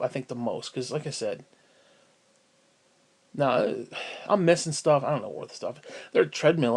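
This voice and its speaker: A man's voice: medium pitch, a little mellow. A man venting at home in a casual vlog, profane and sighing as he rants. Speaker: vlogger.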